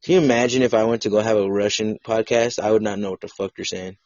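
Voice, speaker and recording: A man's voice: fairly low pitch, steady tone, fast talker, a little mellow, no room sound, dull audio. A man hosting a podcast in casual chat over a video call, blunt, profane and joking. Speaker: podcast host.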